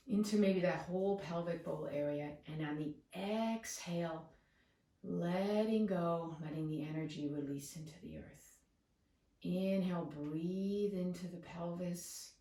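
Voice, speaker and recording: A woman yoga teacher leading a guided breathing meditation with slow, soothing cues. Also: on the low side, dark tone, distant mic. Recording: echoey room, away from the mic.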